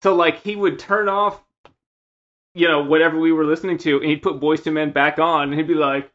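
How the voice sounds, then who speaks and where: A man with a slightly raised voice, telling stories in casual podcast chat. He brings his friends to life with quick voices and shouts. The audio is a bit dull and lo-fi. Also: on the high side. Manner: animated storyteller, acts out friends' lines. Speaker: podcast co-host.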